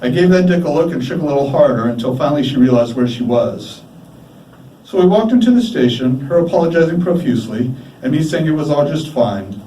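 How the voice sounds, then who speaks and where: A man giving a live reading of his prose, measured and deliberate, with dramatic pauses. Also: on the high side, expressive, dark tone, a little hiss or hum. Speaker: writer reading his work. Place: bar, live event. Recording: echoey bar from a distant mic. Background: faint room ambience.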